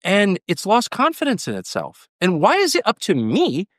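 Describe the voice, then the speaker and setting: A man's voice: high-pitched, huge pitch swings, moderate pace, fairly bright tone, no echo, clean studio sound. An American man as the guest in a heated political conversation, talking in an emphatic, combative way and repeating his points for stress. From United States. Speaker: interviewee.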